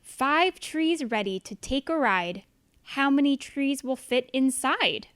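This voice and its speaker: Brief: bouncy woman reader, highish voice with wide swings in pitch. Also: expressive, slow pace, a bit bright, dry recording. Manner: playful, bouncy, with animal noises. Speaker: storybook reader. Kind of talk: reading a rhyming picture book aloud. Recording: dry and close.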